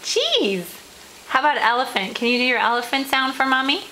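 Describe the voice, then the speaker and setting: A mother talking to her toddler in a home video at mealtime, coaxing him slowly and praising him often, recorded on a handheld camera. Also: sits high, steady tone, heavy background noise. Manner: coaxing, slow and encouraging, with repeated praise.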